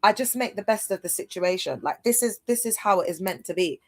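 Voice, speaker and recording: A woman's voice: mid-range voice, brisk. This is a woman talking live to her viewers from home. Her chat is loose and rambling, and she keeps breaking off to address the audience directly. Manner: rambling, chatty, talks straight to viewers. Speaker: livestream host. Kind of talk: casual livestream chat to viewers.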